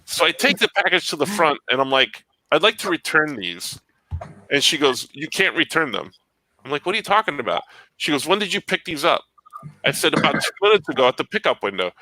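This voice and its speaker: A man's voice: fairly high pitch, big pitch swings, brisk, bright, forceful tone, poor audio. A man telling a long story in casual chat, acting out both sides of the conversation.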